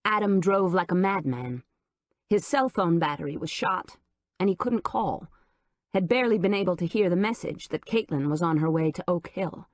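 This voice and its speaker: A woman narrating an audiobook in a measured, low-key manner on a close studio mic. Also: expressive, no room sound. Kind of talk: scripted narration.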